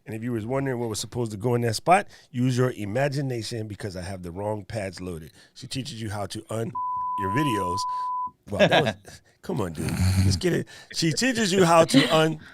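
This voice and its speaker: A man's voice: fairly low pitch, lively intonation, a little fast, slight background noise. A man hosting a live video stream, joking and bantering with his chat. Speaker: livestream host. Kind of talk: casual livestream chat.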